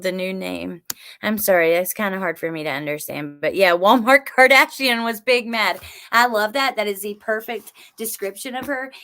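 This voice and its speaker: Chatty woman hosting a livestream. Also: mid-range voice. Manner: chatty, reacts to viewer comments, swears when angry. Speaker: true crime livestream host. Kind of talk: casual livestream recap reading chat.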